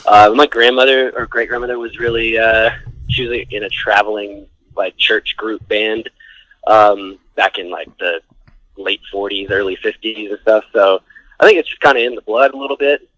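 Guy telling a rambly story w lots of "like", bright voice, dry sound. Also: on the low side, steady tone, normal speed, no room sound, rough recording. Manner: rambling, many fillers and "like"s. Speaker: band frontman and music producer guest. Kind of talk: casual storytelling interview.

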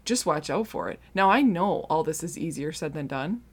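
A woman's voice: sits low, animated, moderate pace, breathy edge. A middle-aged woman hosting a faith-based podcast, talking earnestly and directly to her listeners in a casual, conversational way. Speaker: podcast host and marriage coach client.

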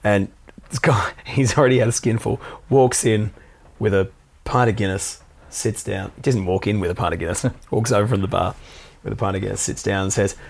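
Gravelly low man, dry storyteller. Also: steady tone, brisk. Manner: dry, swears casually, tells anecdotes. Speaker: pub musician, podcast co-host. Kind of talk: casual chat, storytelling.

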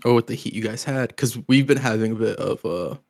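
An easygoing male podcast co-host with a gravelly, fry-laden voice at a middling pitch. He chats casually, teasing his partner and laughing along. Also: fairly quick, darkish tone, no echo, studio quality.

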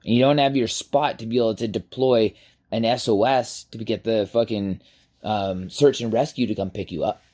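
A man in his forties, a podcast host, telling a personal story in a casual, animated way and swearing freely. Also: fairly low pitch, normal speed. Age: 40s.

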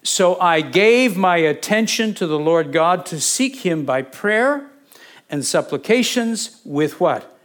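A pastor giving a sermon, teaching from scripture in a conversational way, with asides and questions put to the congregation. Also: male voice, high voice, animated, slow, fairly bright tone. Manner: conversational, with asides and self-corrections.

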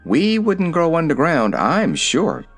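A man's voice: on the high side, wildly swooping pitch, takes it slowly, soft background music, full character voice. A man reading aloud, voicing an eager, brave young girl in an earnest way.

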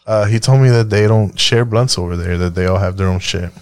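A man's voice: lowish voice, a little fast, darkish tone. A man hosting a podcast, joking and swearing in loose, casual crosstalk with friends. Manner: joking, profane, laughs often. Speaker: podcast host.

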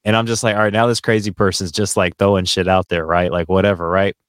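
A man with a low voice tells a long story in casual chat, rambling and restarting as he goes. His voice sounds dry and close, and he comes through a remote call mic. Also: flat delivery, fast talker, clear, resonant tone, no room sound. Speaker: podcast co-host.

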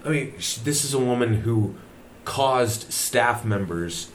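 A man's voice: medium pitch, lively intonation, slow, a little hiss or hum. A man hosting a podcast in casual chat, laid-back and swearing freely, recorded in an old manor house. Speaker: podcast host.

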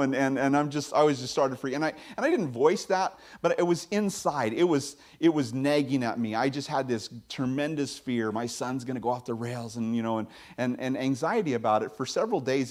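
A man giving a sermon as pastor, in a conversational preaching style with sudden high-pitched asides.

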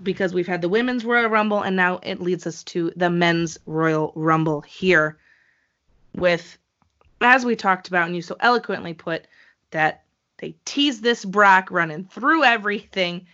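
In a casual chat about wrestling, a co-host with a fairly low pitch sounds bright and excitable, quick to laugh and full of lively asides. Her voice is crisp and forward at the top end, while the overall recording feels slightly dull and lo-fi.

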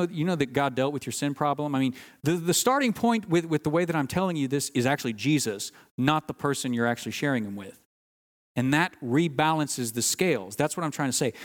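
A man's voice: on the high side, in a large hall. A man preaching a sermon, earnest and teaching, stressing key words and sometimes restarting phrases. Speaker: pastor.

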